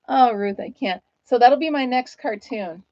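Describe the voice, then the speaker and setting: A woman's voice: a little high, no echo, highs cut off. Chatty woman hosting a casual live stream. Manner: chatty and self-deprecating, laughs often.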